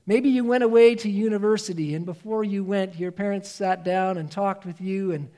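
Male preacher with a high voice, earnest and emphatic, swings between loud and hushed. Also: moderate pace. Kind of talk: sermon.

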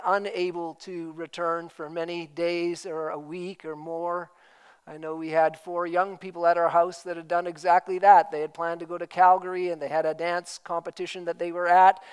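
High, smooth-voiced preacher. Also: male voice, poor audio. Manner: emphatic preaching with rhetorical questions. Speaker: pastor. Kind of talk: sermon.

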